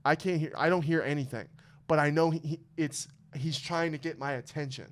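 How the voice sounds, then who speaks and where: A young man with a smooth, resonant voice tells raw, heartfelt stories on a casual podcast. He swears constantly and talks in an open, emotional way. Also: a little high, brisk. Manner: emotional storytelling, heavy swearing. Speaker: podcast host.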